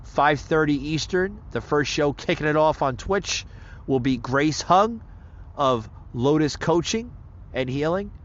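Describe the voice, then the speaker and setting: A man's voice: a little high, animated, measured pace. A male podcast host, a little out of breath, rambling through a casual sign-off full of plugs and fillers. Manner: loose, rambling, repeats itself with fillers. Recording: slightly muffled lo-fi recording.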